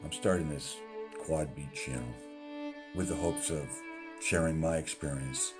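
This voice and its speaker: A man's voice: very deep voice, steady tone, measured pace, over music. A man keeping a casual video diary about his life with bipolar disorder. He rambles, uses many fillers, corrects himself, and laughs at himself. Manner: self-deprecating, laughs at himself. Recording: roomy echo.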